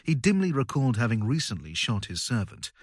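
A man reading a story aloud in a measured, dramatic way. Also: medium pitch, very animated, husky, dry recording, clean studio sound. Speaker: audiobook narrator. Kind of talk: scripted narration.

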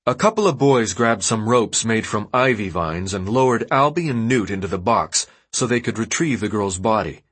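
A man reading an audiobook as narrator, in steady, even storytelling. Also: lowish voice, moderate pace, hardly any pauses, breathy edge. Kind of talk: scripted narration.

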